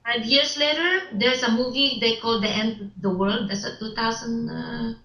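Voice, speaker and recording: Woman guest, halting, repeats herself a lot, echoey room, kinda muffled audio. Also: a little high, steady tone, vocal fry, pushed and bright. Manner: halting, repeats words, non-native English grammar. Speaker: interview guest, filmmaker. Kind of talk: casual interview. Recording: roomy, dull lo-fi sound.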